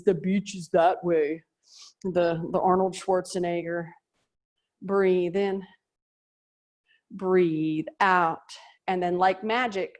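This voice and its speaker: A woman teaching a chair yoga class over a video call, giving breathing and posture cues with chatty, joking asides. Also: medium pitch. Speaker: yoga instructor.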